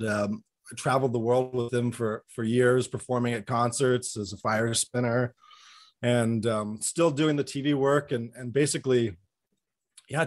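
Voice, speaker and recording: A man speaking as a podcast guest about his past, relaxed and halting, with many fillers. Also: mid-range voice. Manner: relaxed, hesitant, with fillers and restarts. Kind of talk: casual conversation.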